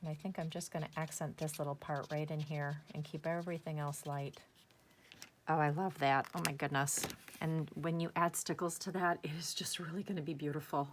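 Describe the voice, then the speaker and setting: A woman with a low voice chats her way through a craft demonstration, eager and talkative, often talking to herself as she works. The recording carries a faint background hiss. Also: fairly even intonation, a little fast. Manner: chatty, enthusiastic, talks to herself while working. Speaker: craft tutorial host. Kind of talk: casual step-by-step craft demonstration.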